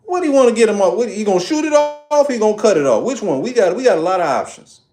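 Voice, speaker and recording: A man putting on the voice of his older mother, brash and profane, scolding him loudly. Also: high-pitched, expressive, quick pace, pitched above the performer's own voice. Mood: incredulous. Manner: loud, incredulous scolding.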